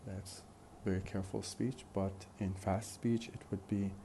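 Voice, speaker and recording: A man with a low, gravelly, mellow voice lectures on phonetics at a slow, careful pace. He repeats his example phrases and stops often on "uh" while he explains. A faint hiss of background noise sits under the recording. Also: level tone.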